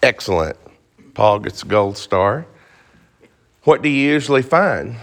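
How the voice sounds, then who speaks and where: A man's voice: on the low side, lively intonation, unhurried, vocal fry, fairly bright tone. A man teaching an interactive Bible class, joking and asking the class questions.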